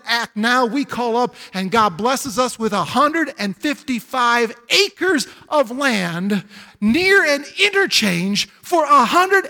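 High, bright-voiced preaching pastor. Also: male voice, in a large hall. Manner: preacherly, building to emphatic exclamations. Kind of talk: sermon. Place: church sanctuary.

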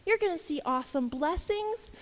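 Woman minister, high voice, candid filler-heavy devotional talk, long reverb. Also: lively intonation, moderate pace. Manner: candid, rambling, with many fillers and laughs.

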